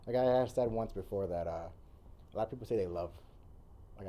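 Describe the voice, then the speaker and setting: Man, podcast guest, earnest casual talk, lowish voice, very mellow dark tone. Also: a little fast, a little hiss or hum. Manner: earnest, speaks in repeated phrases and restarts. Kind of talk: casual conversation.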